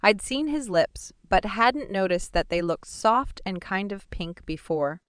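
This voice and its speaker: A woman's voice: medium pitch, expressive, unhurried, clear, resonant tone, no room sound. A woman reading a first-person audiobook in a playful, wry manner, recorded on a studio mic. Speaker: audiobook narrator. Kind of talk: scripted first-person narration.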